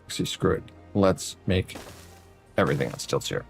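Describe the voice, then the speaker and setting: A man's voice: low-pitched, expressive, moderate pace, gravelly, soft background music. A man streaming a building game, chatting casually and talking to viewers by name as he plays. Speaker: variety streamer. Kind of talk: casual gameplay commentary.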